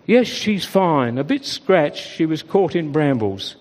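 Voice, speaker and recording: A man's voice: a little high, very animated, takes it slowly, darkish tone. A man doing a cheerful kindly shepherd. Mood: joyful. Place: church. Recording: reverberant church hall.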